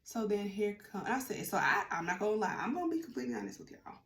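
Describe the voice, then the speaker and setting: A woman's voice: mid-range voice, quick pace. Chatty woman telling a story. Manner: chatty, animated, acts out quotes. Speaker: vlogger. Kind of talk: casual storytime. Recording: roomy room with faint ambience.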